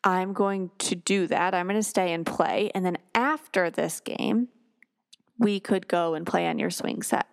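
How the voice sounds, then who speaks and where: A woman hosting her own podcast, talking in a relaxed, chatty way. Her voice sits a little lower than most women's, and she slips into quoted lines with sighs and exclamations. The sound is dry and close to the mic. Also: unhurried, gravelly, dry recording. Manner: warm storytelling, acts out quotes with sighs and exclamations. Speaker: podcast host. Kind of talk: casual solo podcast talk.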